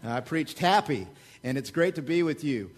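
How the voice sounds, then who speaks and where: A man preaching a sermon as pastor, joking asides and emphatic loud peaks. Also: moderate pace. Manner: animated, swings between loud emphatic peaks and low asides; joking, conversational asides to the congregation. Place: church.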